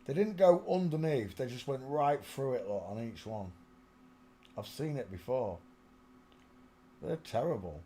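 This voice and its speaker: A man's voice: medium pitch, animated, measured pace, long pauses, mellow, a little hiss or hum. A man hosting his own live stream, muttering to himself, talking to the viewers and now and then singing a line of a song, on a small desk microphone at home. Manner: muttering, sings snatches of a song. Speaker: channel host.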